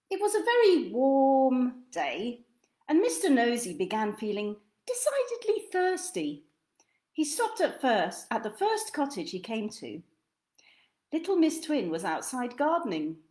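A woman reading a children's picture book aloud in an expressive, sing-song storytelling manner. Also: sits high, slow pace, long pauses.

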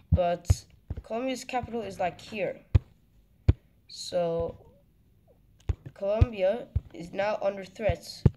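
Slow, rambling young man over noisy clicks. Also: sits high. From Turkey. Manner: rambling, jokey, self-correcting. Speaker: mapping video narrator. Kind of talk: casual voice-over commentary on a map animation. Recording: noisy home recording with clicks.

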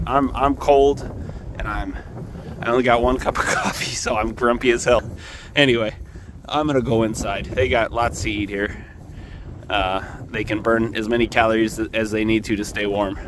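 A man casually talking through a farm vlog outdoors in the wind, rambling and self-deprecating as he films his animals on a handheld camera. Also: medium pitch. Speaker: farmer filming his animals.

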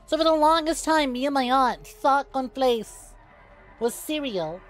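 A young woman streaming a game, chatting casually with viewers, excitable and quick to swear. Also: high-pitched, soft background music. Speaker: VTuber streamer. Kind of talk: casual gameplay stream chat.

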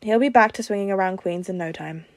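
A woman's voice: mid-range voice, fast talker, dry recording, lightly acted. A woman doing a cocky, protective older man. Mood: urgent. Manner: teasing, urgent when commanding. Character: cocky, protective middle-aged male genius.

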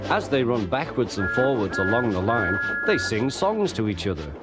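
Animated male storybook narrator. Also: mid-range voice, moderate pace. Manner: animated, expressive reading. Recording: loud music behind.

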